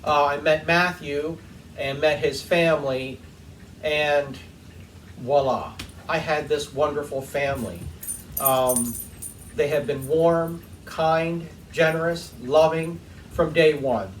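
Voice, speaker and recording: A man's voice: a little high, steady tone, slow pace. Heartfelt man telling a story in his workshop. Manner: heartfelt, rambling, with frequent ums. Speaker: workshop channel host. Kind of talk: casual storytelling while cleaning. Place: home workshop. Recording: distant mic with faint room noise.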